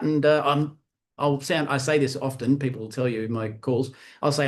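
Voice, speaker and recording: A man giving an energetic, motivational training talk at a live session, repeating key phrases and acting out sales-call dialogue. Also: medium pitch, moderate pace. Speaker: network marketing trainer.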